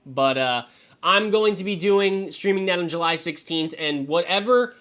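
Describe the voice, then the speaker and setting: A young male streamer with a bright, fairly high voice talks loosely to his live chat. He swears freely and keeps up an easygoing commentary. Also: animated, moderate pace. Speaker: fantasy football streamer.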